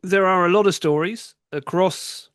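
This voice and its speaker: Thoughtful host, dry sound. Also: male voice, high-pitched, normal speed, fairly bright tone, no echo. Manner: thoughtful, with frequent restarts. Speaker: podcast host. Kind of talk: casual interview chat.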